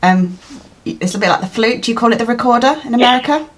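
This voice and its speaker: A middle-aged woman hosting a casual interview, chatty and quick to laugh as she tells a story. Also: fairly high pitch, husky. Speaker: show host.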